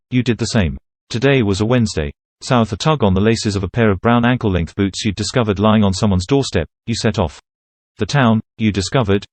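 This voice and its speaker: A man reading a second-person horror story in a measured, steady narrating voice. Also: fairly low pitch, no room sound.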